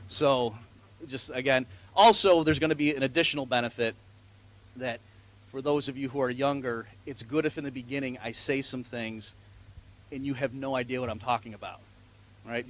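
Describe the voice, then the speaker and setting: A man's voice: medium pitch, fairly bright tone. Joking man giving a keynote talk. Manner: joking, self-deprecating, chatty with frequent fillers. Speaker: keynote speaker at an economics conference. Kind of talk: live conference lecture. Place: conference venue before an audience.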